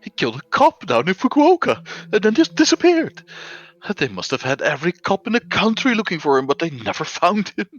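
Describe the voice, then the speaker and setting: A man voicing an excitable bar patron in a horror game, gossiping in a raised, breathless voice. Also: a little high, normal speed, lo-fi sound, pitched above the performer's own voice, full character voice. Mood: eager gossip.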